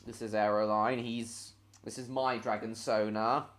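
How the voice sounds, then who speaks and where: A man's voice: lowish voice, little pitch movement, measured pace, a bit bright. A man hosting a casual live stream, rambling and distracted as he talks.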